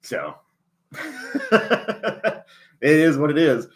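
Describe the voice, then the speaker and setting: A man hosting a casual livestream chat, rambling in a folksy way and chuckling often, a little choked up and clearing his throat. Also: fairly high pitch, wildly swooping pitch, extremely slow. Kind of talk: casual chat reading a live chat.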